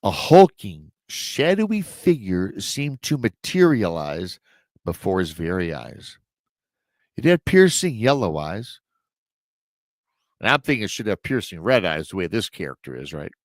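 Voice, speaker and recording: A man's voice: low voice, sing-song, unhurried, no echo. A man hosting a show, casually retelling a listener's true encounter story with rambling asides to his audience. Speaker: host and storyteller.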